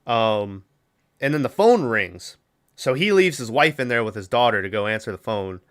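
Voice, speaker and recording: Man, podcast host, casual rambling movie recap, bright tone, smooth clear voice. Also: mid-range voice, expressive, normal speed. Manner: rambling, recaps with acted quotes and laughs.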